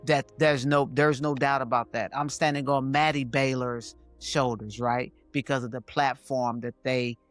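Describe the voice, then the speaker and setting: A male podcast host reflects earnestly in a loose, rambling way, circling back over his thoughts. His voice sits at an ordinary pitch for a man. Faint music plays underneath. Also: steady tone, normal speed, few pauses. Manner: earnest, rambling, with many fillers and restarts. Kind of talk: casual conversational reflection.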